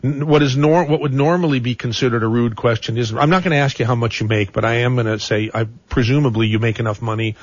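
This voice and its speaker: A man's voice: mid-range voice, fast, few pauses, no room sound, highs cut off. A man hosting a casual interview, rambling and often repeating words as he looks for the right phrasing. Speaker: interview host.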